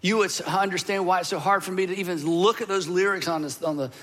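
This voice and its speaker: High, bright-voiced preacher. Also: male voice, steady tone. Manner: earnest and emotional, with dramatic pauses and repeated phrases. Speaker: pastor. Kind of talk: sermon.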